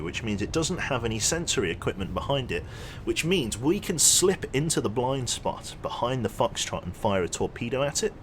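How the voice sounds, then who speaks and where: A young man casually commentating his gameplay on a livestream, chatty and quick to launch into an animated story. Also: mid-range voice, slight background noise. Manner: chatty, animated storyteller who thanks subscribers. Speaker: streamer.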